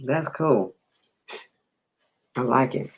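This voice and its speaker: A man's voice: mid-range voice, animated, extremely slow, creaky, rough recording. A man hosting a casual live stream, chatting easily and greeting viewers by name.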